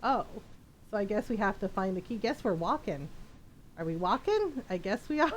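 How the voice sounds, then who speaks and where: A woman's voice: medium pitch, slight background noise, low-quality recording. A woman streaming a game, chatting casually and laughing often as she tells family stories. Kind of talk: casual storytelling while playing a game.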